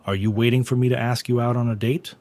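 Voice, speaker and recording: A man voicing a cocky young male hero in a recap story, calm and teasing. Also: mid-range voice, fast, voice pushed up, lightly acted. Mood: confident.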